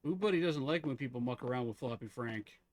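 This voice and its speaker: A man's voice: mid-range voice, expressive, fast talker, darkish tone. A man streaming a game live, chatting casually with viewers, teasing them and laughing often.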